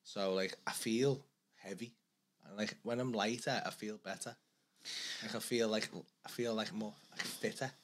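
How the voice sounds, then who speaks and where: A man's voice: fairly low pitch, fairly even intonation, moderate pace. A man co-hosting a podcast, chatting casually and swearing while he tells a story with quoted dialogue. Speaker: podcast co-host. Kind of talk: casual banter.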